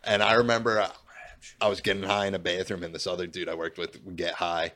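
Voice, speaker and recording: A young man chats with laid-back, crude humor. His voice sits fairly low, but it carries a bright, forceful edge. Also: little pitch movement, fast talker. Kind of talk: casual chat.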